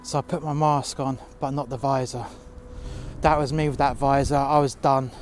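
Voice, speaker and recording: A man telling a first-person story outdoors in the cold, halting with fillers and breaking into profane outbursts. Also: medium pitch, level tone, soft background music.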